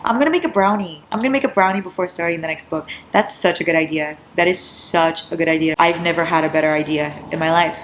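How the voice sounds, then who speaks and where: A woman's voice: fairly low pitch, fast talker, hardly any pauses, slight background noise. Giddy, sleep-deprived woman gushing. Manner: giddy, excitable, laughs often and swears. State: tired from staying up all night. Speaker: book vlogger. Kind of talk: casual reading vlog.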